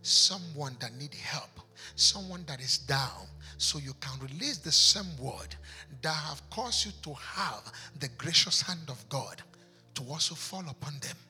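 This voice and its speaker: A man's voice: on the high side, expressive, unhurried, pushed and bright, faint music behind. A pastor preaching an impassioned sermon in a church, driving his points home with rhetorical questions.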